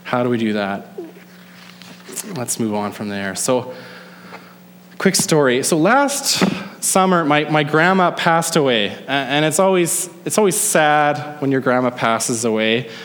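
A man's voice: mid-range voice, expressive, a bit bright. Male pastor preaching in a reverberant church. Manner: conversational preaching, stretches key words slowly. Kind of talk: sermon. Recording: long hall reverb.

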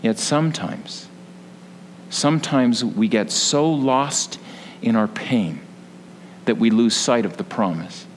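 A man's voice: medium pitch, slow, pauses often, in a large hall, a little hiss or hum. A man preaching a sermon as pastor, earnest and building to passionate emphasis.

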